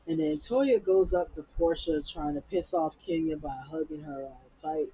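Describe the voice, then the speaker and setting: A woman recapping a reality TV episode in a casual, animated and profane way, getting heated as she talks. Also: low voice, moderate pace, vocal fry, hardly any pauses, slight background noise. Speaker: TV recap vlogger. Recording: phone-like lo-fi audio.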